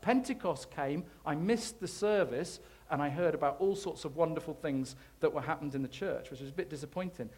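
A man preaching a sermon, telling his own faith story in an animated, self-deprecating way. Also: fairly high pitch. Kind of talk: sermon testimony.

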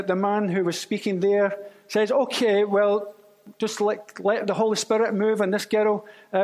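A man telling a testimony as a sermon, storytelling and acting out the voices of others. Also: high voice. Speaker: preacher. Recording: long reverb of a church hall.

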